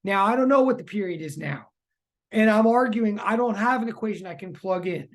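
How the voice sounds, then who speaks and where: A physics teacher giving a live online lecture, chatty and excitable, often repeating questions to students in the chat. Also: mid-range voice, brisk.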